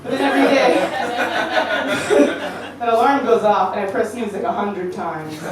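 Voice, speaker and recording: Loud, profane female stand-up comic, laughs through her bits; echoey, far-off house-show recording. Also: mid-range voice, takes it slowly, a loud crowd. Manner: brash, profane, laughs at own jokes. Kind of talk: stand-up comedy set. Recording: echoey room, distant mic, noisy.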